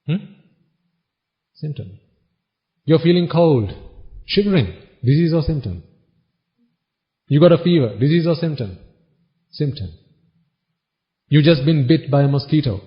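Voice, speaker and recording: A man giving a Buddhist sermon, asking the audience questions and answering them himself, now and then reciting Pali phrases quickly. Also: on the high side, expressive. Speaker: Buddhist preacher. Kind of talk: dharma talk sermon. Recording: dull lo-fi recording.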